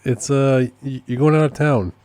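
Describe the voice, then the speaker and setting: A man's voice: medium pitch, fairly even intonation, moderate pace, a little mellow, smooth, dry recording. A man hosting a casual solo podcast update, rambling and amused at himself, often repeating his points. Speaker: podcast host and process server.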